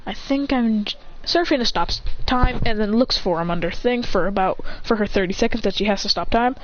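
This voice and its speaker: A woman's voice: medium pitch, a little fast, lo-fi sound, slight background noise. A woman casually narrating a homemade story, stringing actions together in long run-on sentences.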